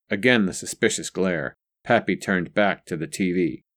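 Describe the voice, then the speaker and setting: A man narrating a story in a measured, even reading voice. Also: low-pitched. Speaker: audiobook narrator. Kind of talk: scripted narration.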